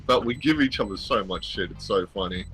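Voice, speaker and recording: A man's voice: lowish voice, a little fast, fairly bright tone, faint music behind, poor audio. A man in his thirties chatting laid-back in game voice chat. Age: 30s. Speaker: gamer in voice chat.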